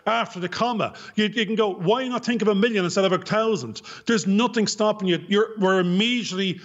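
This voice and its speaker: A man with an Irish accent, co-hosting a casual podcast chat, talking with animated emphasis and repeating words for stress. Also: sits high, brisk, lo-fi sound. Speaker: podcast co-host.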